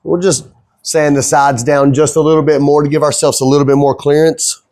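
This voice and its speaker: A man's voice: fairly high pitch, flat delivery, a little fast, darkish tone, no echo, studio quality. A middle-aged man, the owner of a fabrication shop, talking casually in a rambling, folksy way as he works. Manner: easygoing, rambling, folksy talk.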